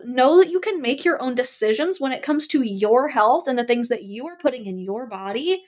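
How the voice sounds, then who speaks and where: A woman in her twenties with a high, expressive voice and a slightly fast pace hosts a podcast in casual chat. She's frank and emphatic, uses "like" as a filler constantly, and swears when she gets riled up.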